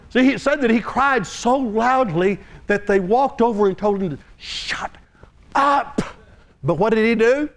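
A man preaching a sermon, swinging from hushed storytelling to loud shouting and often repeating and restarting his words. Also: very high voice, measured pace.

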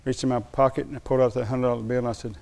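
An older man preaching a sermon, telling a personal story, slowing for emphasis and dropping to a quiet, moved tone. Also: medium pitch, little pitch movement, creaky. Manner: storytelling, slows down for emphasis, drops to a hushed tone when moved. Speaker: pastor.

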